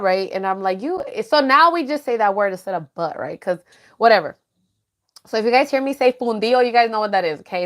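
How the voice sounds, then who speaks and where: Laughing woman podcaster, casual chat. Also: fairly high pitch. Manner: laughs often, drops Spanish words. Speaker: podcast co-host. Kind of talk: casual chat reading live comments.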